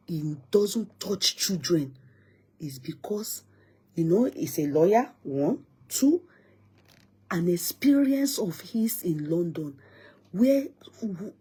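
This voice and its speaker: A woman's voice: mid-range voice, mellow, breathy edge. A young Nigerian woman with a Nigerian accent telling casual stories in a vlog, often laughing and mixing English with Yoruba. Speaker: vlogger. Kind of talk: casual storytelling.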